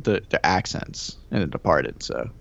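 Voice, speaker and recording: A man's voice: sits low, animated, normal speed, gravelly, fairly bright tone, highs cut off. A man co-hosting a podcast, rambling and joking in casual chat. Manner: rambling, joking, lots of "like" fillers. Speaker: podcast co-host.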